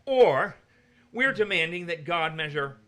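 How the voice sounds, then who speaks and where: Man, Bible teacher, fairly high voice, argumentative and emphatic in discussion. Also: animated, measured pace, fairly bright tone.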